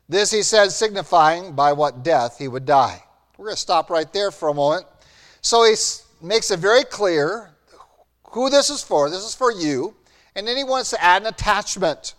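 A man preaching a sermon as pastor, earnest and building to animated emphasis. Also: high-pitched, moderate pace. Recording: long hall reverb.

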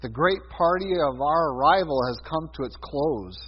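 A man preaching a sermon on prophecy, talking with many fillers, sometimes loud and sometimes soft. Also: on the high side, lively intonation, moderate pace, breathy edge. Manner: conversational teaching with many fillers and swings in loudness. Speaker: Bible teacher. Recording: dull sound with a long hall reverb.

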